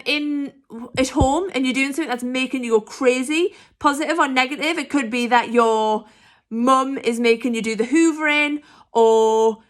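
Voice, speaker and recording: A woman teaches a recorded lesson to schoolchildren, her voice sitting a little higher than most. She speaks slowly and clearly, saying each phrase twice so the children can repeat it. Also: fairly bright tone. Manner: slow, repeats phrases for learners to echo. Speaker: Spanish teacher. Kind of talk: remote language lesson for children.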